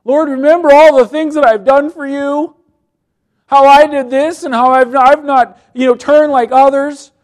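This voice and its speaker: A man's voice: extremely high pitch, fairly even intonation, normal speed, voice pushed up. A preacher acting out a self-pitying ancient king who pleads in a whiny voice. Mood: pleading.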